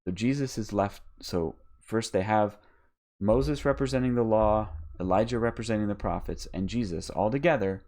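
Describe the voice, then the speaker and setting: Low-voiced man teaching the Bible live. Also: normal speed, a little mellow. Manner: unscripted, frequent restarts and repeated words. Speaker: podcast host and Bible teacher.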